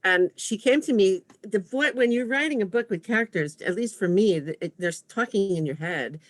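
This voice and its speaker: A woman's voice: medium pitch, animated, moderate pace, dry recording. A woman being interviewed as an author, talking thoughtfully and self-deprecatingly. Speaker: guest author. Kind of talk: casual interview chat.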